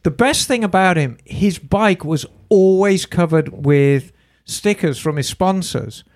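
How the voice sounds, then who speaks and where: Animated older man telling stories. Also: sits high, unhurried. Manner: animated storytelling. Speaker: co-host. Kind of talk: casual chat.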